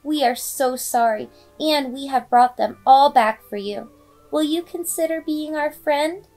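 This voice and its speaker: A woman voicing an apologetic female poodle, speaking softly and humbly. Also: sits high, measured pace, faint music behind. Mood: sorry. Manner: soft, apologetic.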